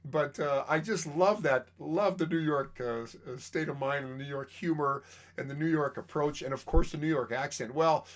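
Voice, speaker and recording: A man's voice: a little high, normal speed. Rambling middle-aged Canadian man. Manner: rambling, filler-heavy, chatty. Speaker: chiropractor and massage chair dealer. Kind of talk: casual rambling monologue.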